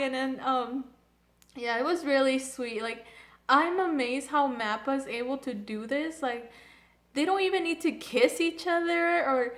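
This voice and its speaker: A young woman with a fairly high voice chats casually about an anime episode. She gushes and gets excitable, peppering every sentence with fillers and restarts. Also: unhurried. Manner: gushing, filler-heavy, excitable. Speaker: anime reviewer. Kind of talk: casual chat.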